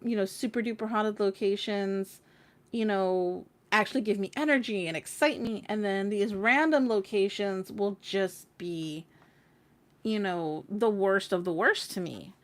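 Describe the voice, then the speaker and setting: A woman hosting a tarot livestream, telling a personal story in a chatty, animated way, full of fillers and casual swearing. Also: medium pitch, measured pace. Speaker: tarot reader and stream host.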